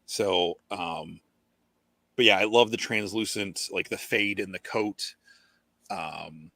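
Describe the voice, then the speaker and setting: A man hosts a casual podcast in a bright, edgy voice that sits a little low. He talks with enthusiasm but hesitates often, with many ums and restarts. The sound is close and dry. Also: slow pace, creaky, dry recording. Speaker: podcast host. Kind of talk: casual chat about collectible toys.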